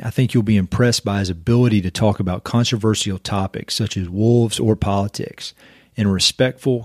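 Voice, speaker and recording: A fairly low-voiced man hosts a podcast in a measured, earnest way, first reading a prepared introduction and then asking his guest a question. The recording is dry and close, with no room sound. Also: no echo. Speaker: podcast host. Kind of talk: scripted introduction and interview questions.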